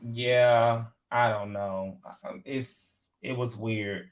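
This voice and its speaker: A man co-hosting a casual reality TV recap show, talking in a chatty, animated way with lots of fillers and retold quotes. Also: mid-range voice, extremely slow. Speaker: podcast co-host.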